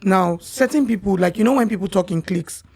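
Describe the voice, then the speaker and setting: A young Nigerian woman, a podcast guest, telling her personal story in a candid, animated way. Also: medium pitch, a little fast, vocal fry, husky, faint music behind.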